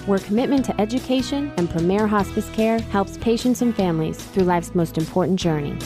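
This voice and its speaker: Chatty woman radio host, Boston accent. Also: medium pitch. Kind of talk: radio interview.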